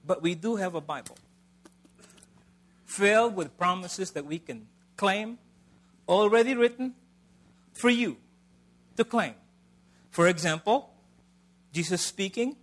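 A middle-aged man delivers a sermon in a relaxed, conversational manner. His voice sits a little high for a man. He pushes key phrases out loudly, then drops to soft, near-hushed asides. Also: slow pace, pauses often. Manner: conversational, swings between loud emphasis and soft asides. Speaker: preacher.

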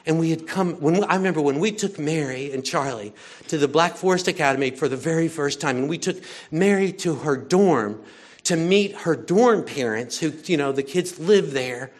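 An older man preaching in a chatty, animated storytelling way, swinging between loud moments and hushed ones. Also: fairly high pitch, normal speed. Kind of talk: conversational sermon with storytelling.

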